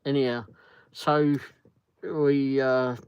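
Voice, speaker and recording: A man's voice: mid-range voice, level tone, takes it slowly, clear, resonant tone, no room sound, muffled recording. Chatty man rambling on a livestream. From Britain. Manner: rambling, chatty, reads viewer comments aloud. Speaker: livestream host. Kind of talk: casual livestream chat.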